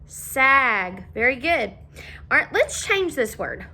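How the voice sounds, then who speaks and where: A young woman teaching a phonics lesson to young children, asking coaxing questions in a slow, sing-song way. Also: high voice, big pitch swings, bright, forceful tone.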